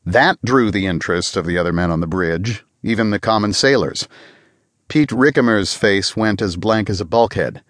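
A man reading an audiobook in a steady, measured narration. His voice is low and even. The recording is close and dry, with no room sound. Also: no echo. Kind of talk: scripted narration.

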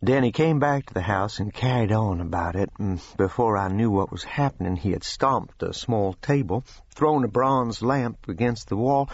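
A man voicing a calm, controlled gentleman who tells stories with dry amusement. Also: fairly low pitch, breathy edge, dry recording, lo-fi sound. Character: calm, genteel older Southern gentleman storyteller.

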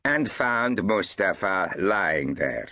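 A man voicing an eager, boastful male constable in an audiobook, blurting out his account excitedly. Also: low voice, takes it slowly, no room sound, clean studio sound, pitched above the performer's own voice, full character voice. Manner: excitable, self-important. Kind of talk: audiobook character voice.

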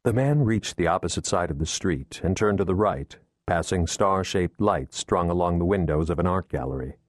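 A man reading a thriller audiobook in steady, measured scripted narration, recorded on a close studio mic. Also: low voice, dry recording. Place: recording booth.

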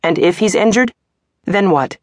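A woman voicing a blunt, hot-tempered man who co-owns a club, in an audiobook, speaking tersely and forcefully. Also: medium pitch, lively intonation, moderate pace, dry recording, studio quality, pitched above the performer's own voice, close to an everyday voice. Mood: angry.

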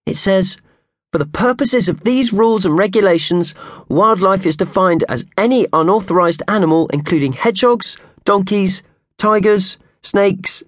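Man voicing practical little mouse in a kids' story, high, calm and reasonable. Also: normal speed, no room sound, studio quality. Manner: reasonable, matter-of-fact explainer. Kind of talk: audiobook character voice.

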